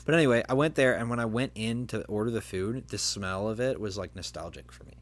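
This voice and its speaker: Low-voiced young man rambling. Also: a little fast. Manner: rambling, filler-heavy storytelling. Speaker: podcast host. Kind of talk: casual chat.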